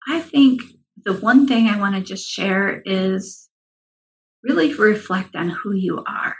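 Guest coach, woman, mid-pitched, earnest and reassuring, steady advice-giving. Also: slow pace, low-quality recording. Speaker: money mindset coach, guest.

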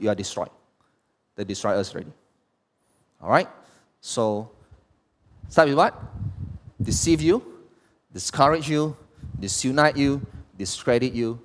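A man, preaching a sermon as pastor and throwing rhetorical questions at the congregation. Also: mid-range voice. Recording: long hall reverb.

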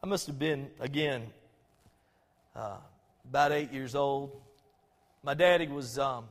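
A man's voice: medium pitch, a little slow. A middle-aged man from Georgia with a Southern accent, preaching a storytelling sermon in a folksy, conversational way, often restarting his sentences. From Albany, Georgia, USA. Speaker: pastor. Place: church sanctuary. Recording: long reverb of a church sanctuary.

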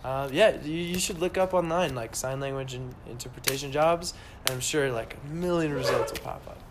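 A man's voice: medium pitch, a little fast, heavy background noise. A young man chatting casually with students, giving encouraging career advice with lots of fillers. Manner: encouraging, upbeat, many fillers.

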